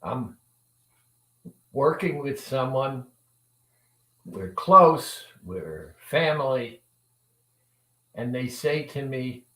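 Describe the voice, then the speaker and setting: Slow, animated man in an echoey room. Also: medium pitch, recorded from a distance. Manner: acts out both sides of a dialogue with lively shifts. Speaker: weight-loss coach. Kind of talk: motivational storytelling talk.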